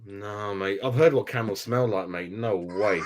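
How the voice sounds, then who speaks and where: A man's voice: fairly low pitch, a little slow. A man hosting a casual football fan chat, talking in blunt, slangy banter. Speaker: fan channel host.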